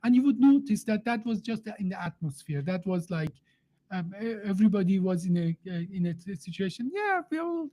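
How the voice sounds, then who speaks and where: A man hosting a relaxed live talk. He speaks haltingly, full of fillers, restarts and slightly non-native grammar. He jokes and laughs easily with his guest. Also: sits high. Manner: jokey, laughs often. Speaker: host. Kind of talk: casual live-stream conversation.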